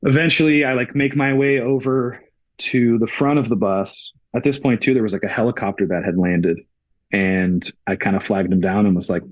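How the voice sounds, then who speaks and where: Podcast guest from a touring crew: a husky man with a low voice, casual storyteller who relives scenes through quoted exchanges. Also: fairly even intonation, normal speed, dry recording, muffled recording. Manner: retells events with frequent "I was like" quotes.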